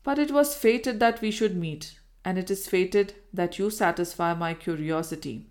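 A woman reading the part of an insistent gentleman who presses a former lover for answers, in a forceful, demanding tone. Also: fairly low pitch, moderate pace, lightly acted.

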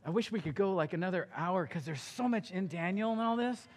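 High-voiced impassioned preacher man, hall reverb. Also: animated, brisk. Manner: impassioned, swings between loud and hushed; casual asides ending in "man". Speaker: pastor. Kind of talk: sermon. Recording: long reverb of a large hall.

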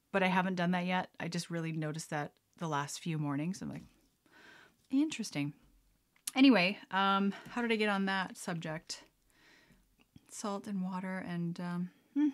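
A young woman hosting a casual podcast at home, chatty and rambling, often breaking into giggles as she talks. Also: medium pitch. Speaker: podcast host. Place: at home, mixing a drink on camera.

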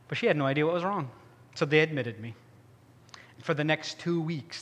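A man in his fifties giving a personal testimony to an audience, swinging from hushed to loud. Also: on the high side. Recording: long hall reverb.

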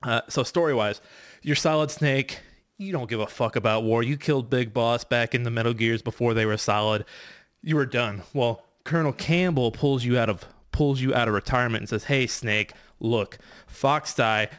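A man's voice: medium pitch, a little fast. A man racing through a casual game recap, rambling and profane, full of fillers and restarts. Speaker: podcast competitor recapping a game.

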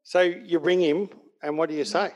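A man's voice: on the high side, steady tone, moderate pace, darkish tone. A man hosting an interview, asking questions and giving brief supportive prompts. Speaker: podcast host.

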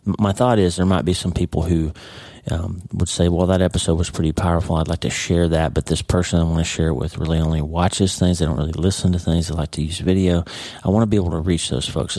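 A man's voice: very deep voice, dark tone, no echo. A middle-aged man hosting a podcast, giving a casual devotional talk on reading Scripture, often checking in with "okay?" and "right?". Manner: conversational, with frequent "okay?" and "right?" tags. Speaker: podcast host and Bible teacher.

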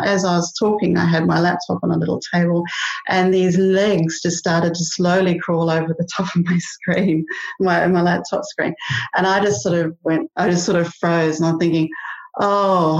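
A woman's voice: lowish voice, dull audio. A woman, a podcast guest telling stories in a chatty way, laughing often and using many fillers. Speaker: podcast guest, language learner. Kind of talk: casual storytelling.

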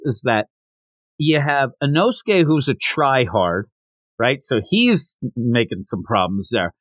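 Male podcast host, casual story recap, lively pitch, dry close-miked sound. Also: no room sound. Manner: animated storytelling, retells dialogue, laughs. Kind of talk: casual manga chapter recap.

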